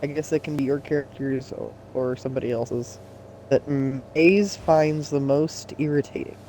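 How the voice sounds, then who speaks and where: A man's voice: medium pitch, moderate pace, a little mellow, a little hiss or hum. A man chatting sarcastically while playing a game with a friend, swearing at the game. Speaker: gaming co-player.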